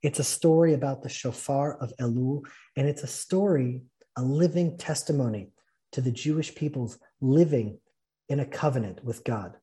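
A man's voice: medium pitch, normal speed, mellow. A man teaching a spiritual fellowship session, telling and reading a story earnestly and with feeling. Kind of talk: spiritual talk and read-aloud story.

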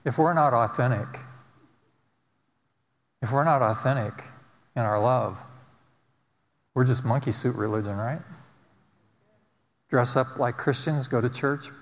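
A man's voice: mid-range voice, a little slow, long pauses. Man preaching in a reverberant hall. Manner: storytelling, conversational, with rhetorical questions. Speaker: pastor. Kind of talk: sermon.

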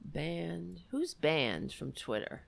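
A woman hosts a livestream, reading news articles aloud and commenting on them sarcastically and profanely, often interrupting herself. Her deep voice has vocal fry, big pitch swings and a slow pace.

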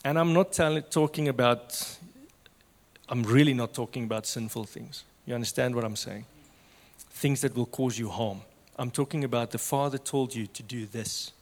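A man preaching a sermon with passion, swinging from loud to hushed. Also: medium pitch, normal speed, long reverb tail.

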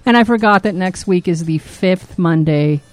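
A woman's voice: on the low side, normal speed, dry recording. A woman co-hosting a podcast, teasing her partner and running the topics, laughing often. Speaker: podcast co-host. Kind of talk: casual banter.

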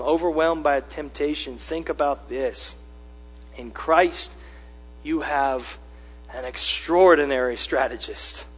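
A male pastor preaching a sermon, conversational at first and then building to loud, emphatic repetition. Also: a little high. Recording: long hall reverb with mains hum.

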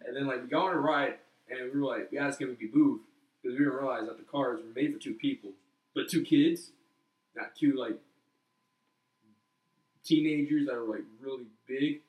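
Recorded at a distance from the mic in a roomy space, this young man tells stories in a casual chat, bringing quotes to life as an animated storyteller. His voice is medium-pitched, at a moderate pace with frequent pauses.

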